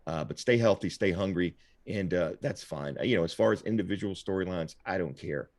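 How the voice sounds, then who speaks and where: A man's voice: deep voice, a little fast, a little mellow, no room sound. A middle-aged man in casual podcast chat, telling a rambling, reflective story. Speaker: guest host.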